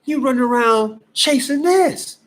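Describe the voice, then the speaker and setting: A man from Cleveland, Ohio, giving an emphatic, exasperated casual pitch about gold and prices. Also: unhurried, rough recording. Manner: emphatic, exasperated, animated preaching. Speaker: gold promoter. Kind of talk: casual selling pitch to camera.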